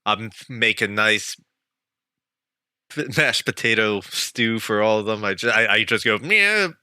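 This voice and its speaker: A man's voice: on the low side, level tone, unhurried, bright, forceful tone, clear, resonant tone, no room sound, clean studio sound. A man playing a tabletop game who gleefully describes his character's plans and keeps giggling. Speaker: player.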